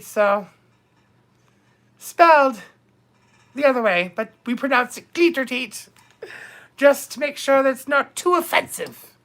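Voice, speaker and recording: A man's voice: very high voice, pushed and bright, full character voice. A man playing a bawdy, gossipy older duchess on a comedic live stream, theatrically calling viewers darling and my dears.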